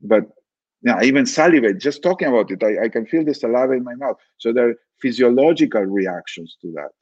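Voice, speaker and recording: Husky man thinking aloud, dry sound. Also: mid-range voice, expressive, fast, a little mellow, no echo, muffled recording. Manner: thoughtful, repeats words while searching for them. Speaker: podcast guest, author. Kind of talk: reflective conversational explaining.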